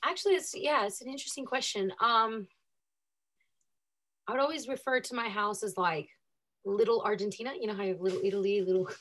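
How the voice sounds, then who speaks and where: A woman's voice: mid-range voice, a little fast. A woman from California with an American accent, a guest telling stories in a casual, chatty way. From California, USA. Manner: chatty, animated retelling with laughs and fillers. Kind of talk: casual storytelling interview.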